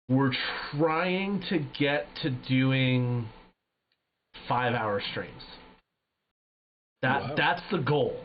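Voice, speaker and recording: A man streaming live, telling a gaming story in casual chat with animated, profane energy. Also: medium pitch, a little hiss or hum. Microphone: headset. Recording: dull lo-fi stream audio.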